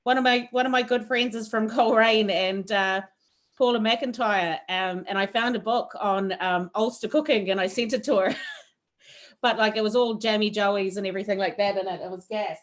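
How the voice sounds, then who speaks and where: A woman's voice: mid-range voice, normal speed. A woman teaching a cooking class over a video call, chatty and rambling with lots of fillers. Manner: rambling, friendly, with filler words.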